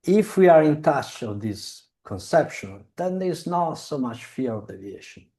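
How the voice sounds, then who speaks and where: Slow, halting man on a video call. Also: on the high side, sing-song, warm tone. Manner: halting, searching for words, many restarts. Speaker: speaker on a devotional video call. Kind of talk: slow reflective talk.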